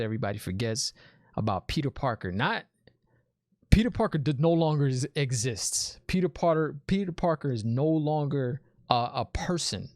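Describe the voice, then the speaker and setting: A man's voice: medium pitch, dry recording. A man in an easygoing spoiler review with a mid-range voice. He talks with loose enthusiasm, repeating himself and restarting as his thoughts catch up. The recording is dry and close. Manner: chatty and enthusiastic, often calls the listener "man". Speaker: movie reviewer.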